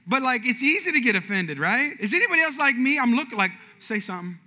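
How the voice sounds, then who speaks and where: A man preaching as a pastor, telling humorous stories in an animated way, jumping up high when he acts things out. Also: quick pace, a little hiss or hum. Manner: animated, jumps to high excited pitch in acted-out stories. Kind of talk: humorous sermon storytelling.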